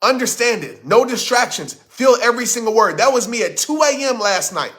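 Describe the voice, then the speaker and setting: A man delivers a motivational speech in a high, forceful voice, leaning into each line like a sermon. He hammers his points home and repeats them for effect, speaking close into a studio microphone. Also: expressive, a little fast. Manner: emphatic, preachy, repeats lines for effect.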